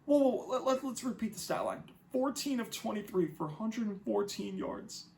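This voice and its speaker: A man's voice: high voice, moderate pace, creaky, a little hiss or hum. A man hosting a football podcast, ranting in a casual, mocking and profane way. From New England, United States. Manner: animated, mocking, profane rants. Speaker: podcast host. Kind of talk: casual sports commentary.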